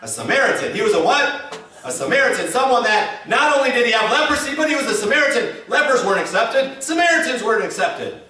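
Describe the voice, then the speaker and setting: A male pastor's very high, sharp voice races along with great animation as he preaches an emphatic sermon and gets the congregation to repeat him. The recording comes from a distance in an echoing church sanctuary.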